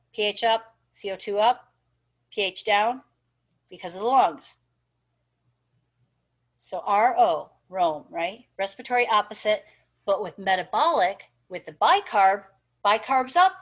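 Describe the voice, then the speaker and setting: A woman teaching a nursing class, encouraging and checking in with her students often. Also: mid-range voice. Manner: encouraging, checks in with frequent "okay?" and "right?". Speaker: nursing instructor. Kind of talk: recorded class lecture. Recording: dull lo-fi lecture recording.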